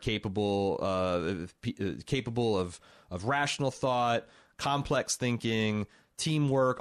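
A man co-hosting a casual movie review podcast, animated and mocking, sometimes tossing in quick impressions. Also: medium pitch. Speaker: podcast co-host.

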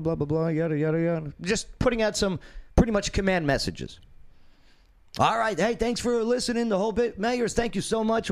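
A man hosting a casual talk show, telling a long story loosely with lots of fillers. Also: high voice. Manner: rambling storyteller with many fillers, lively intonation. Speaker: podcast host.

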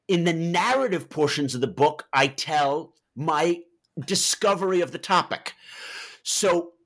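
A man who wrote a book on Libya, answering interview questions and telling stories to explain his points. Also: fairly high pitch. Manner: animated storytelling with vivid asides. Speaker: author and Libya analyst.

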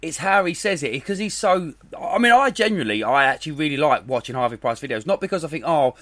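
A man's voice: a little high, animated, bright, forceful tone. A young man, co-hosting a podcast in rambling, sweary casual chat. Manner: rambling, swearing, quick to laugh. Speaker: podcast co-host.

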